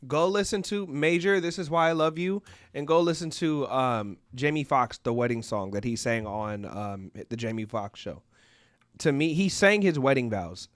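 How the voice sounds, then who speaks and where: A man's voice: medium pitch, lively intonation, normal speed, no echo, clean studio sound. A man co-hosting a live music-review stream, chatting playfully and joking with his co-host. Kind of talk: casual live-stream chat.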